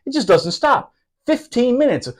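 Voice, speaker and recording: A man's voice: extremely high pitch, very animated, normal speed, very noisy. A man telling a rowdy, profane story about his Marine days, laughing as he goes. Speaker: podcast storyteller, former Marine. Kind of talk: casual storytelling.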